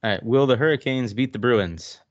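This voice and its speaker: Low-key man bantering dryly. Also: brisk, no echo, lo-fi sound. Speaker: podcast co-host. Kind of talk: casual chat.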